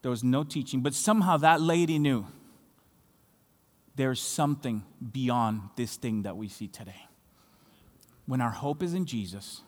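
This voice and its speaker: A man from Latin America preaching a sermon as pastor, building passionately and rising to shouts on key phrases. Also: medium pitch. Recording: long hall reverb.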